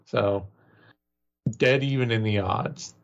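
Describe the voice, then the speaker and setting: A man's voice: on the low side, takes it slowly, creaky. A man co-hosting a podcast, breaking down fighters and odds analytically, with lots of fillers. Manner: analytical, full of "you know" fillers. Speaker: podcast co-host. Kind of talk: casual fight-analysis chat. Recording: dull lo-fi sound.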